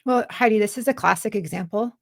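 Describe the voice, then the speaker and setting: A woman's voice: mid-range voice, fast talker, gravelly, no echo. A woman hosting a Christian interview, earnest and preachy, quoting scripture and encouraging her guest. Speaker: Christian podcast host. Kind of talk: faith-based encouragement and interview.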